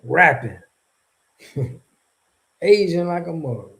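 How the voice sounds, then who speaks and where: A man's voice: a little high, expressive, slow, vocal fry, a bit bright, rough recording. A man hosting a casual livestream, talking back to his chat in a loose, slangy, rambling way with frequent laughs. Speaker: streamer and channel host.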